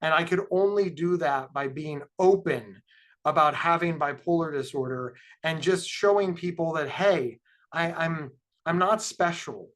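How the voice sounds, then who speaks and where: A middle-aged man from Ohio giving a personal talk as a guest speaker, animated, with many repeated starts. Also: fairly high pitch, measured pace. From Ohio, USA. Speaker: guest speaker, mental health advocate.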